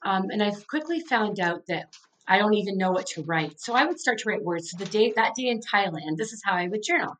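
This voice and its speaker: A woman's voice: medium pitch, lively intonation, brisk, a bit bright, rough recording. A middle-aged woman, an author and coach, talking as a podcast guest in an earnest, heartfelt way with many "like" fillers. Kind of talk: casual interview conversation.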